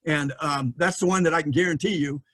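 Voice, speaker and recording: Brief: middle-aged male lecturer, voice a touch high, halting delivery with many ums and restarts. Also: steady tone, fairly bright tone. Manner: thinking aloud, frequent fillers and restarts. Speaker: historian giving a lecture. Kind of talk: lecture presentation with slides.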